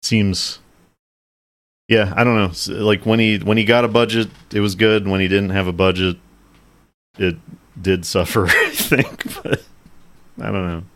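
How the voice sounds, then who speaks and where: Brief: very low-pitched male podcast co-host, loose rambling delivery, laughs often. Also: fairly even intonation, measured pace, long pauses, fairly bright tone. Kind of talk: casual chat.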